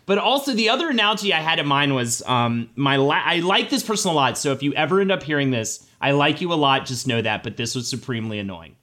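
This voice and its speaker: A man co-hosting a casual gossip podcast, telling animated, sweary anecdotes. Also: on the high side, quick pace, few pauses. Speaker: podcast co-host.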